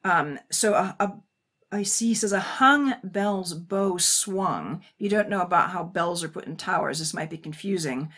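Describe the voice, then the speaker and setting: A woman guest on a podcast, an editor of a poetry edition, explaining eagerly and quickly with frequent restarts. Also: fairly low pitch, a bit bright, slightly rough.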